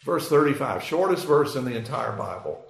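A man preaching a sermon, explaining scripture in an unhurried way with frequent fillers. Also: medium pitch, lively intonation, vocal fry. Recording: echoey room.

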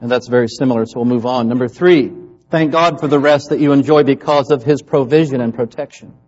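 A man's voice: mid-range voice, a little fast, a little mellow, lo-fi sound. A man preaching, telling a personal testimony and acting out the people in his story. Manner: storytelling, acts out quoted voices. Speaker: pastor.

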